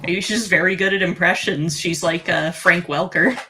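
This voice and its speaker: A British co-host chatting casually on a stream, making unhurried quips and laughing between them. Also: medium pitch, bright, forceful tone, a little hiss or hum.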